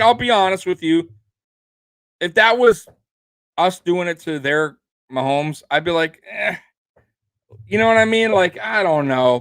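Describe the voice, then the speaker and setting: A man's voice: on the high side, fairly bright tone, dry recording. Heated, cursing young man ranting about football. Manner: heated, profane, rambling with restarts. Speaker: sports podcast host. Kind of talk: casual sports rant.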